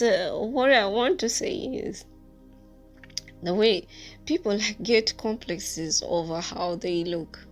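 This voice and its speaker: Slow-spoken woman telling a story. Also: lowish voice. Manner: unhurried, halting, with many fillers and frequent laughs. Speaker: vlogger, former teacher. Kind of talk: casual storytelling monologue.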